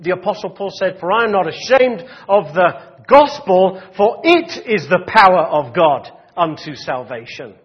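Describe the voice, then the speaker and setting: A man's voice: sits high, slightly rough, muffled recording. A man preaching a sermon in a conversational way, full of restarts and "you know" asides, reading and explaining scripture. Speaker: pastor.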